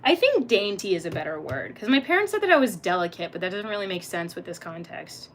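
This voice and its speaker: A woman's voice: mid-range voice, sing-song, fast talker. A young woman hosting a casual livestream, reading chat aloud, laughing often and swearing freely as she chats playfully.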